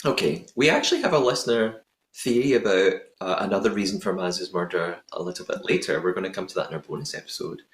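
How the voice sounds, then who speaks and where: A man's voice: sits low, fast. A man hosting a podcast, recapping an episode in a playful, chatty way with lots of puns. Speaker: podcast host. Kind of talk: casual podcast recap chat. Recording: roomy echoing room sound.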